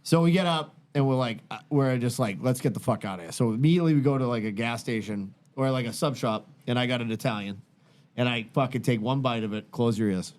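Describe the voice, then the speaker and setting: Profane rambling storyteller. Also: male voice, mid-range voice, a little fast, a little mellow. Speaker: podcast host. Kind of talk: casual storytelling chat.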